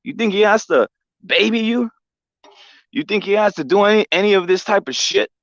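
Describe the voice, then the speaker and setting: A man hosting a combat sports show in a casual, profane, animated rant that keeps circling back on itself. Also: high voice, normal speed, dry recording, muffled recording. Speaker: show host.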